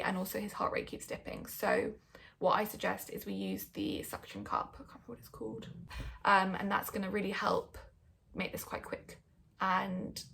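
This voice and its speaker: A woman's voice: mid-range voice, gravelly, fairly bright tone, a little hiss or hum. A young woman telling a personal story in a candid, chatty way. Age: young adult. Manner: candid, chatty, lots of likes and ums. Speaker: vlogger.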